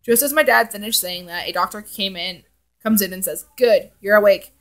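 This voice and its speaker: A woman's voice: mid-range voice, brisk, a bit bright. A young woman reading her own fanfic aloud on her vlog, with chatty asides and self-corrections. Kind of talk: casual fanfic read-aloud.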